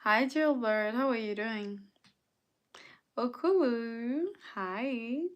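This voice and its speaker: A young woman hosts a casual live stream, chatting, greeting viewers by name, and answering their comments. Her voice is on the high side, and she speaks very slowly.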